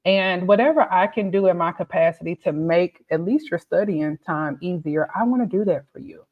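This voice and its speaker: A woman's voice: lowish voice, normal speed, phone-quality sound. A woman tutor giving a motivational, conversational talk to her students, often checking in with "okay?" and "right?". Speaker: pharmacy tutor.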